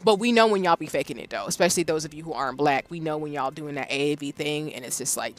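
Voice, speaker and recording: A streamer from the Southern United States chatting casually on a live stream, animated and quick to laugh. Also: medium pitch.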